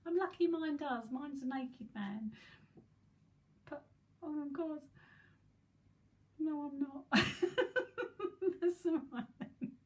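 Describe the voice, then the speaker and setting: A woman's voice: high-pitched, slow pace, long pauses, mellow, low-quality recording. A woman in her fifties from England, chatting and giggling her way through a live psychic reading with rambling asides. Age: 50s. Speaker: psychic medium.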